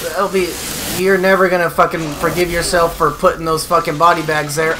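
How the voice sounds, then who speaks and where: A man giving let's play commentary on a horror game, swearing and yelling taunts at the enemy. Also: on the high side, little pitch movement, fairly quick, background noise. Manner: profane, yells taunts at the enemy. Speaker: gaming video host.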